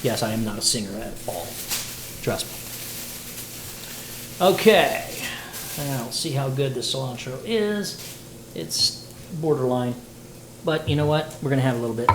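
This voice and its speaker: A man's voice: mid-range voice, lively intonation, moderate pace, long pauses. Chatty man cooking in an echoey kitchen. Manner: chatty and playful, talks to viewers. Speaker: livestreamer cooking dinner. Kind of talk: casual livestream chat while cooking. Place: home kitchen. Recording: echoey kitchen with sizzling pan noise.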